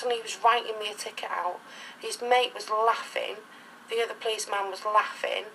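A woman's voice: mid-range voice, steady tone, normal speed, pushed and bright, a little hiss or hum, poor audio. A middle-aged woman talking casually in an interview, rambling through anecdotes in a chatty way. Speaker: interviewee, reborn doll collector.

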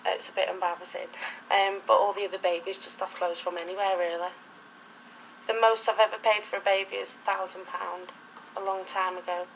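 A woman's voice: mid-range voice, little pitch movement, fairly quick, vocal fry, a little hiss or hum, low-quality recording. A middle-aged woman talking casually in an interview, rambling through anecdotes in a chatty way. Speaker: interviewee, reborn doll collector.

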